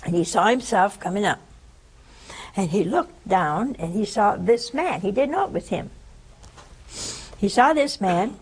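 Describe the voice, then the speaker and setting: Older woman with a gravelly, husky voice. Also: medium pitch, unhurried, long pauses, low-quality recording. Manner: animated storytelling, acting out voices, dropping to whispers. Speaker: religious sister giving a talk. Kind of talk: storytelling sermon.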